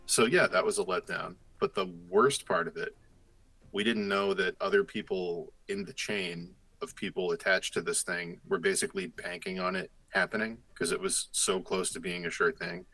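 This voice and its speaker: A young man chatting casually, telling a story in a rambling, animated way and acting out both sides of the dialogue. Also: deep voice, moderate pace, no room sound, rough recording. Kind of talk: casual chat.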